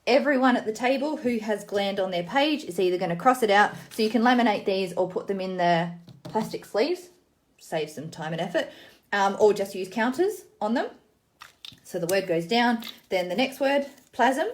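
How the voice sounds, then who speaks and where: A woman walks through phonics card games in a relaxed, chatty tutorial. She sounds words out letter by letter before reading them whole, then explains the rules briskly. Her voice sits at an ordinary middle pitch. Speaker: teacher demonstrating literacy games. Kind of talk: casual tutorial demonstration.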